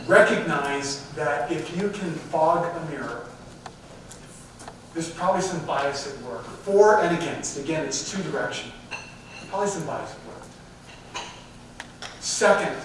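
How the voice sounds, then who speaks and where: A man with a fairly high voice speaks straight to the audience and keeps asking them questions. He sounds distant from the mic, with the room ringing heavily around him and a faint hiss underneath. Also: unhurried, pauses often. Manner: direct, addresses the audience with questions. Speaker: diversity speaker. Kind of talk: live talk to a company audience. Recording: very echoey hall, mic far off.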